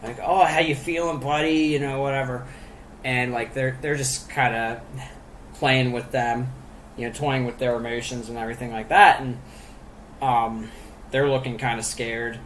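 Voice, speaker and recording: A man's voice: medium pitch, little pitch movement, normal speed, fairly bright tone, a little hiss or hum, low-quality recording. A man co-hosting a casual podcast chat about a movie, rambling with lots of fillers and frequent laughs. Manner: rambling, laughs often, many fillers and restarts. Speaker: podcast co-host reviewing a movie.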